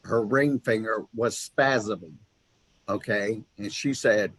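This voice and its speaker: A man with a lowish voice hosts a casual interview, telling stories in an animated, chatty way and often restarting his sentences. The sound is dry and close, with no room echo. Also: slow, slightly rough. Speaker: host.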